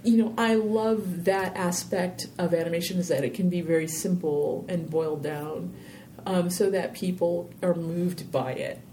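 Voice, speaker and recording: A woman with a warm, mellow voice answers interview questions in a loose, rambling way, peppering her stories with "you know". She tells them with animated energy. A faint low rumble sits behind her. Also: measured pace. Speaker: interview guest, filmmaker. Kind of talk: casual interview conversation.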